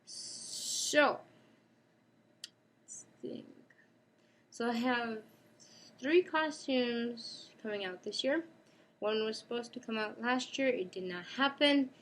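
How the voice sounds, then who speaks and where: A woman's voice: on the high side, a little slow, a bit bright. A woman chatting casually in a rambling home vlog, breaking off now and then to talk to her pet. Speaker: cosplay vlogger. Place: home apartment.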